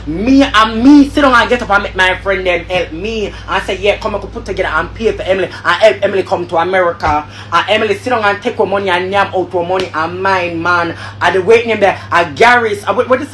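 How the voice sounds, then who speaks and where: A woman's voice: medium pitch, a bit bright, a little hiss or hum. A woman with a Jamaican accent in a heated, angry rant, repeating and swearing. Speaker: vlogger.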